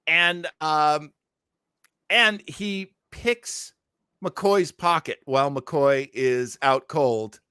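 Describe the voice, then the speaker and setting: A man co-hosting a casual podcast, retelling an old TV episode with lively asides. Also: a little high, extremely slow, smooth, dry recording, clean studio sound. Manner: animated, retells scenes with acted-out quotes. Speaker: podcast co-host. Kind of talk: casual episode review chat.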